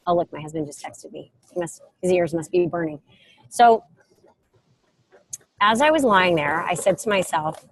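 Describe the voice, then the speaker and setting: A middle-aged woman giving a casual motivational talk, telling stories with lively acted quotes, speaking from an airport. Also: fairly low pitch, moderate pace, long pauses. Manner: animated storytelling with acted quotes. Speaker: self-help speaker.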